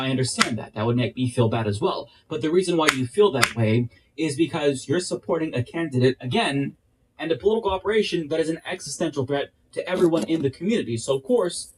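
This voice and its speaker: A man's voice: on the high side, a little hiss or hum, poor audio. A man delivering scripted political commentary in a dry, sarcastic tone.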